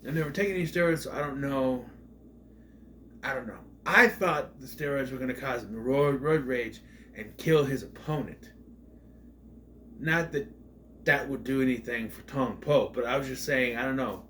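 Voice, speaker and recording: A man casually reviewing a movie in a rambling, offhand way, retelling scenes in quoted voices and breaking into loud mock outrage. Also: medium pitch, normal speed, slight background noise.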